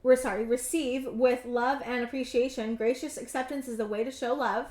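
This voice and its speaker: A woman in her thirties giving a casual tarot reading to camera, earnest and halting, often repeating words. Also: on the high side, fairly even intonation, a little mellow. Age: 30s. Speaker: tarot reader. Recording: roomy echo.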